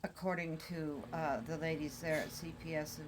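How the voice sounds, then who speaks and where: An older woman, a grandmother, telling the family's story in a casual conversation, halting with many pauses. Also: deep voice, fairly even intonation, noisy background.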